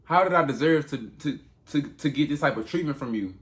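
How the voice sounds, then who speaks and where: A man's voice: fairly high pitch, lively intonation, a little fast, fairly bright tone. A man voicing an ancient king who protests his innocence and complains in slangy modern speech. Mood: indignant.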